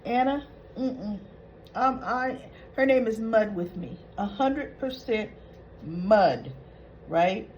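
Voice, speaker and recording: Slow, opinionated woman recapping a soap. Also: fairly high pitch, darkish tone, dull audio, a little hiss or hum. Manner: chatty, opinionated, acts out lines while retelling scenes. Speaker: soap opera recap host.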